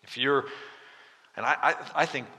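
A man preaching an expository sermon, dramatic, swinging from loud emphasis to hushed tones and asking the listeners questions. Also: mid-range voice, measured pace, slight background noise. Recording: reverberant hall.

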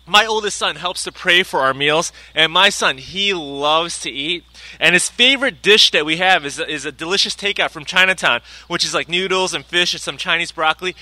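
A man in his thirties preaching a conversational sermon as pastor, acting out family anecdotes with lively asides. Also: high-pitched, no echo. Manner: conversational, animated, acts out anecdotes.

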